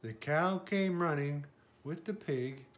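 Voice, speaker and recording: An older man, a grandfather with a slightly high voice, gently reads a picture book aloud, stopping now and then to point out the pictures. There's a faint hiss or hum in the audio.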